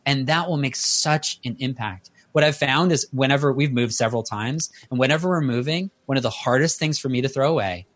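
A man's voice: mid-range voice, fairly quick, hardly any pauses, fairly bright tone. A man in his thirties, a guest author in an interview, telling personal stories in an earnest, conversational way.

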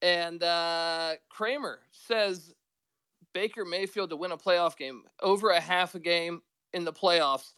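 A man calling in as a podcast guest on a cell phone with earphones, telling rambling, excitable stories. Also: high-pitched, takes it slowly, clear, resonant tone, dry recording. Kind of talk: casual sports chat.

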